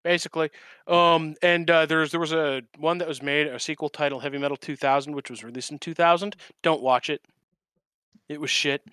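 A man in his late thirties talks in blunt, chatty podcast banter. His voice sits a bit high and sounds bright and forceful, dry and close to the mic. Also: fairly even intonation, brisk, smooth, no room sound. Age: 30s. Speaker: podcast co-host. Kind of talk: casual chat.

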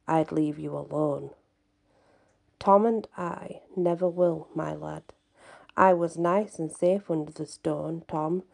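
A woman's voice: on the low side, gravelly, heavily acted. Woman voicing a sly mocking little imp. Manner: sly, taunting, hushed. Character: wicked wrinkled little male imp, mocking. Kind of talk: storybook reading.

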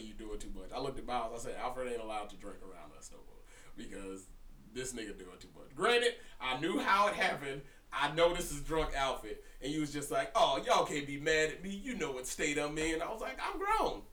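Animated young man, roomy and off-mic. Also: mid-range voice, distant mic. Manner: animated, profane, breaks into laughter. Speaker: podcast co-host. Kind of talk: casual storytelling chat. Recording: roomy echo, somewhat off-mic.

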